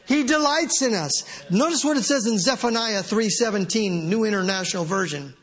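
A man preaching a sermon as pastor, animated and often laughing as he reads scripture aloud. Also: high voice, moderate pace, hardly any pauses.

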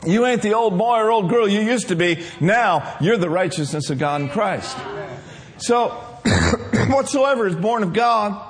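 A man's voice: high-pitched, lively intonation, unhurried. A man preaching a sermon, leading the congregation in call-and-response and repeating his key phrases.

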